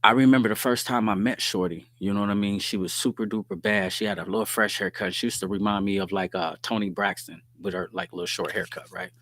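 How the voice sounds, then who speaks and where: A man's voice: fairly low pitch, fairly even intonation, fast talker, hardly any pauses, a bit bright, no echo. A middle-aged man talking. He hosts a casual stream, reads viewers' comments and spins stories in loose slang. The sound is close and dry, with no room around it. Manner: streetwise slang, storytelling, frequent "you dig what I'm saying". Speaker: host.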